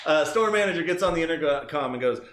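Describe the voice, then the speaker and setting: A man runs a tabletop game as its game master, his voice lively and swinging up and down in pitch as he jokes and laughs his way through the scene. The sound rings in an echoey room. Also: fast, noisy background. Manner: laughs often, loose and joking. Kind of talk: casual tabletop game narration.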